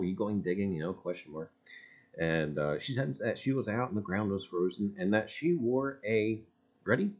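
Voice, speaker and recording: A man hosting a casual livestream, greeting viewers by name in loud sing-song bursts and chatting in a folksy way. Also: lowish voice, husky. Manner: folksy, repeats "gang, I tell you". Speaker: livestream host. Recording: dull lo-fi stream audio.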